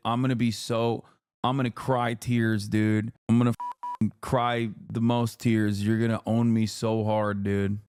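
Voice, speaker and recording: A man's voice: mid-range voice, fairly even intonation, darkish tone, clean tone, no echo. Male streamer, 30s, sarcastic profane reactor, dry close sound. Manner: profane, sarcastic, fast rants.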